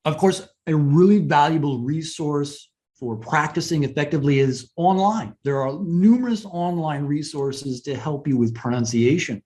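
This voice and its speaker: A man teaches presentation skills in a conversational webinar, frequently tossing in "right?" and pausing to emphasize points. His voice is slightly high and mellow.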